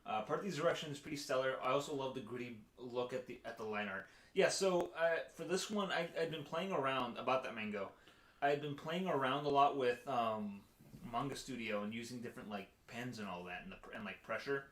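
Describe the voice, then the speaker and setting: A man's voice: mid-range voice, brisk, fairly bright tone. A young man from the Chicago area giving casual commentary on his own animation, rambling, laughing often and swearing freely. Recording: echoey room.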